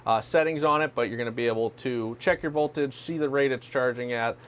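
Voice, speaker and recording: A man with an average pitch explains the technical side in a plain, practical manner, dropping the odd um as he goes. A faint noise sits under his voice. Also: brisk. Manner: practical, matter-of-fact, with fillers. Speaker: technical staff guest.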